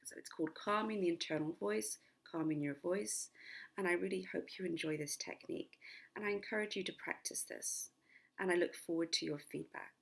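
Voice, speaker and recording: A middle-aged woman explains a sleep technique in a loose, repetitive, chatty way, like a hypnotherapist coaching clients. Her voice is husky and a little gravelly, sitting on the low side. She now and then slips into slow, sleepy, whispered examples. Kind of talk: casual spoken self-help lesson to camera.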